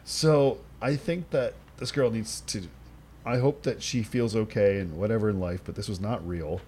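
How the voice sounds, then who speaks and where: A man's voice: fairly low pitch, normal speed, mellow, a little hiss or hum. A man co-hosting a podcast, telling rambling stories in casual chat and swearing freely. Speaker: podcast co-host.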